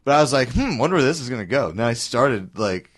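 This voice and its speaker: A man's voice: mid-range voice, expressive, quick pace. A man co-hosting a talk show, telling a story in casual chat and acting out the voices of the people in it. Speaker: co-host.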